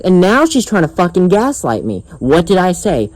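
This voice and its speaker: A man's voice: high voice, sing-song, moderate pace, hardly any pauses, a little mellow, no room sound, poor audio. A young man vlogging outdoors, telling a story in a profane, exasperated and sarcastic rant. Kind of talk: ranting storytime vlog.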